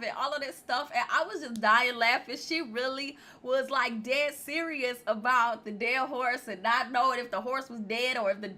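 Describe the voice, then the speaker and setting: A woman's voice: on the high side, moderate pace, few pauses. A woman vlogging a casual, blunt, laughing recap of a reality show, speaking with features. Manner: chatty, animated, laughing often, blunt opinions. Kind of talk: casual chat.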